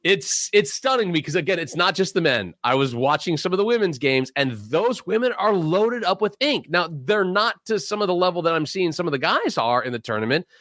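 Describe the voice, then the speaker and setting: High, lively ranting man. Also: a little fast, hardly any pauses, no echo, studio quality. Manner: ranting, sarcastic, swears a lot. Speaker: podcast co-host. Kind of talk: profane casual chat.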